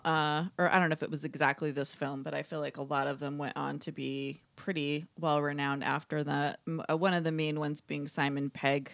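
A woman's voice: sits low, creaky, dry recording. A woman in her thirties co-hosting a podcast, chatting casually and rambling with frequent laughs. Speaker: podcast co-host. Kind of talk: casual chat.

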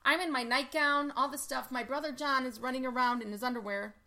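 Brief: bright, forceful woman with a slightly high voice, chatty storyteller full of "like" fillers. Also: a little fast. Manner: animated storyteller, lots of "like" fillers. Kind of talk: casual chat.

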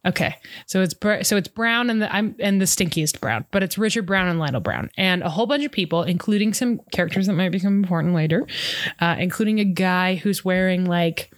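A woman's voice: fairly low pitch, fairly quick, dry recording. A woman co-hosting a podcast, recapping a TV series in a rambling, playful, jokey way. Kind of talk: casual recap chat.

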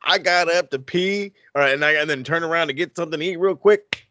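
A man co-hosting a casual wrestling podcast, talking in an animated, profane way that swings into excited outbursts. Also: on the high side, fast, dry recording. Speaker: podcast co-host.

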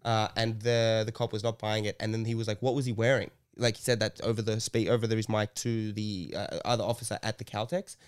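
A man's voice: fairly low pitch, level tone, fairly quick, hardly any pauses, clean tone. A man, co-hosting a comedy podcast and telling a story in a rambling way, full of fillers. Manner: rambling, filler-heavy, laughing. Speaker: podcast co-host. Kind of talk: casual storytelling.

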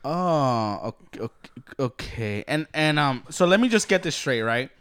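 A man's voice: mid-range voice, big pitch swings, measured pace, fairly bright tone, clear, resonant tone. A young man hosting a casual joking chat, teasing and swearing, laughing often. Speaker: host.

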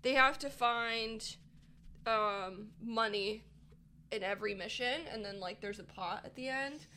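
A woman's voice: on the high side, unhurried, bright, forceful tone, a little hiss or hum. A young woman co-hosting a casual podcast, chatty and giggly, often trailing off mid-sentence. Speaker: podcast co-host. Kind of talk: casual chat.

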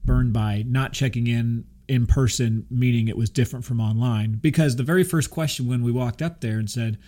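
A man's voice: medium pitch, moderate pace, mellow. A man co-hosting a podcast in casual chat, chatty and often checking for agreement. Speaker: podcast co-host.

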